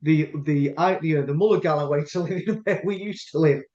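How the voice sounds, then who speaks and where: Speaking a little fast in a slightly high voice with a dark tone, a middle-aged Scottish man hosts a casual chat. He tells a long, rambling story full of restarts, recorded in an echoey room with dull, lo-fi sound.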